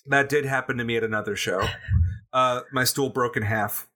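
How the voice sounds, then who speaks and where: Guest man, bright punchy voice, loose anecdotal storyteller on a video call. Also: mid-range voice, fairly even intonation, normal speed. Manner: rambling anecdotes with laughs and restarts. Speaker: guest drummer. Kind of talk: casual storytelling. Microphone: video chat.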